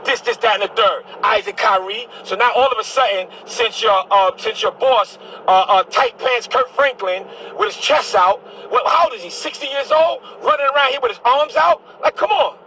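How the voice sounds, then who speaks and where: A man's voice: extremely high pitch, moderate pace, few pauses, pushed and bright, slight background noise, low-quality recording. A man from Brooklyn, a bishop delivering a heated, combative monologue to camera, repeating his phrases as he preaches. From Brooklyn, New York.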